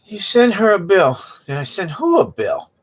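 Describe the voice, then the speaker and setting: A middle-aged man with a husky, slightly rough voice hosts a casual livestream auction. He rambles into joking stories with lively, swinging intonation, talking straight to his online viewers. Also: high-pitched, normal speed. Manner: joking, rambling storyteller who laughs a lot. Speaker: live auction host. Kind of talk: casual live-stream auction chat.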